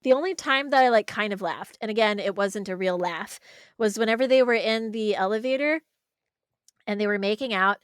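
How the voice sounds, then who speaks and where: A young woman co-hosting a podcast, chatting casually in a blunt, sarcastic way and retelling scenes with animated voices. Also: medium pitch, brisk, smooth, no room sound. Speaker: podcast co-host. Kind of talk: casual chat.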